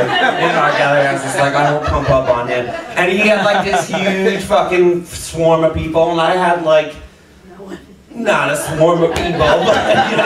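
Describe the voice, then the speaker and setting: A man doing a stand-up comedy set, telling a rambling story full of fillers and laughs. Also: fairly high pitch. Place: small comedy venue with a live audience. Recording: echoey room heard from far off, audience noise. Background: audience laughter.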